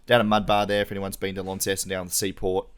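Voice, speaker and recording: A man's voice: sits low, monotone, fast, smooth. An Australian man co-hosting a podcast, chatting casually in laid-back, slangy banter over a remote call. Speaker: podcast co-host. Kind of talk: casual chat.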